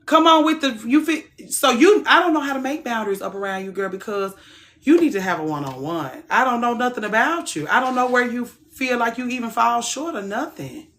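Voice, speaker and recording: Frank, animated woman chatting on stream. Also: a little high, fairly quick. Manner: frank, animated, swings from soft to loud. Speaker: livestream host. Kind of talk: casual livestream chat.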